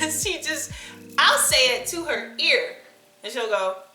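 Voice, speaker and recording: A woman's voice: high-pitched, sing-song, slow, pushed and bright. A young woman, ranting bluntly and sarcastically through a casual list video. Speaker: vlogger. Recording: echoey room with faint music.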